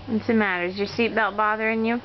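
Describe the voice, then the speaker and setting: A mother coaxing her toddler in high, sing-song baby talk and praising every try, filmed in a car. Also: fairly even intonation, fast, slight background noise. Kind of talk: home video talking to a toddler. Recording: dull lo-fi home video.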